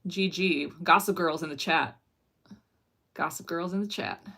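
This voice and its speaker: A woman with a slightly lower-than-average voice chatting on a livestream. She is bubbly and giggly, and she reads her viewers' questions aloud before answering them in a relaxed, casual way. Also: unhurried, gravelly, breathy edge. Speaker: animator streaming live and answering chat.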